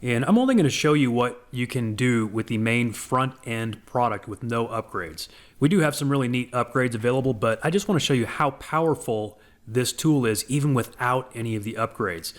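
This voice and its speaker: A man walking through a software demo as a voice-over for a screen recording, in a relaxed, conversational way with frequent asides. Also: mid-range voice, normal speed. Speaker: software presenter.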